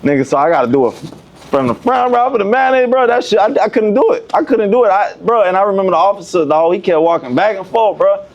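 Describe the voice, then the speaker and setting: A man's voice: high-pitched, animated, fast, muffled recording, a little hiss or hum. A young man guesting on a podcast, telling a prison story in heavy street slang and acting out the other people's lines. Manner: profane street slang, acts out quoted voices. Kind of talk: animated storytelling.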